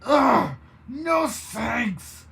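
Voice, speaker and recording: A woman voicing a transforming woman who turns into a sea monster, speaking high and shaky and breaking into growls. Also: expressive, drawn-out words, fairly bright tone, full character voice. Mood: shrieking.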